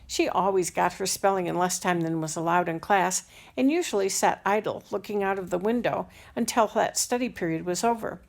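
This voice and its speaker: A woman narrating a children's novel aloud in a measured, unhurried storytelling manner. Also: on the low side, creaky. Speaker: audiobook reader.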